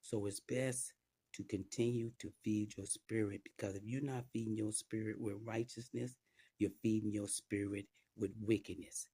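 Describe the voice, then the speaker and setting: A man with a low, dark voice preaches informally, talking straight to the listener with frequent asides. His tone is husky and relaxed, in a dry, close recording with no room sound. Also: moderate pace, no room sound.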